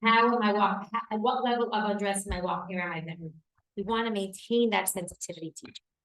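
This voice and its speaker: A woman's voice: medium pitch, fairly even intonation, fast, a bit bright, roomy sound, poor audio. Earnest woman teaching a class. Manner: earnest, emphatic, repeats key words. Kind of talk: lecture to a class.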